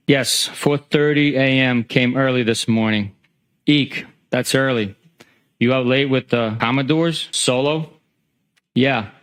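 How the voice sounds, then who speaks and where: A man on the witness stand reads text messages out loud, one after another, in an even and matter-of-fact voice. His pitch sits in an ordinary middle range for a man. Now and then he pauses with a small filler before carrying on. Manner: steady, matter-of-fact reading with occasional filler. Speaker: trial witness. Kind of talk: reading text messages aloud in court testimony. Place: courtroom.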